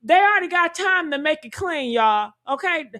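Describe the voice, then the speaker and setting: A woman giving heated, profane reaction commentary, talking loudly and indignantly and calling out to her viewers. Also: high voice, expressive, moderate pace. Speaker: commentary streamer.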